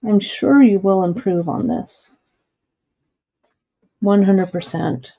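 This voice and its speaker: A woman's voice: mid-range voice, slow pace, mellow. A woman hosting a live jewelry-making demonstration, chatting encouragingly and thinking aloud as she works.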